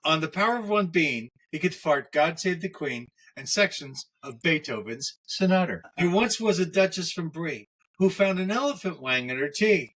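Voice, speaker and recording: A man in a casual podcast chat, telling crude jokes in a rambling, halting way that is full of restarts. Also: fairly high pitch, expressive, a bit bright. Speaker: podcast co-host.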